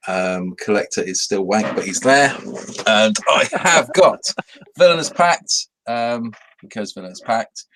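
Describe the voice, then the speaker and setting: A man co-hosting a casual live stream, quick with jokey asides. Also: on the low side, lively intonation, a bit bright, slight background noise, poor audio. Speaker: podcast co-host.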